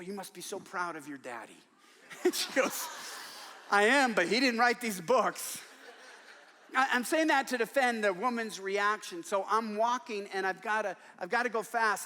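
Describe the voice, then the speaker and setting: An older man preaches in a large church, and his voice sits fairly high for a man. He tells stories with animation and acts out the people he quotes. A long reverb trails after his voice in the big hall. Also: bright, forceful tone. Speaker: guest preacher. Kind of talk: sermon. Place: large church worship center.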